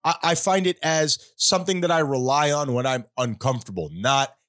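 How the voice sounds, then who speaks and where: A man's voice: on the high side, brisk, a bit bright, no room sound, studio quality. A man co-hosting a casual comedy podcast, teasing and mock-serious as he banters with his friend. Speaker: podcast co-host.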